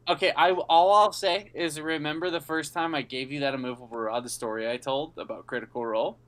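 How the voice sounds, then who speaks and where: A man's voice: fairly high pitch, fairly even intonation, a little fast, fairly bright tone, poor audio. A man narrating as the dungeon master of a casual tabletop game, loose and profane, often laughing.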